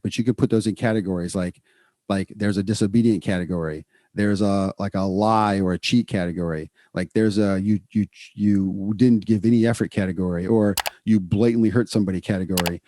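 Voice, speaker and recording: Middle-aged guy on a podcast, lowish mellow voice, dry close sound, hammers words for emphasis. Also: no room sound. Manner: energetic, repeats words for emphasis. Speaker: podcast co-host, psychologist. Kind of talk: casual podcast chat.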